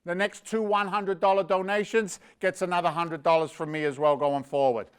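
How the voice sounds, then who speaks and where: Hosting a virtual charity gala on a live stream, an energetic London man jokes and rambles while urging viewers to donate. His voice is smooth, clear and fairly high for a man, and he keeps a brisk pace.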